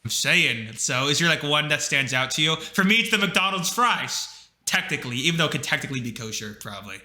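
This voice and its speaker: Bright-voiced young man in an echoey room. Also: a little high, lively intonation, fairly quick. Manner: rambling storyteller, lots of fillers. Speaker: podcast co-host. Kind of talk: casual chat. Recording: roomy echo.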